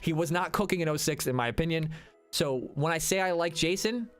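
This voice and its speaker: A man's voice: fairly high pitch, fairly quick, faint music behind. A man streaming, chatting casually with his viewers and answering their comments, rambling and restarting his sentences. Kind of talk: casual livestream chat.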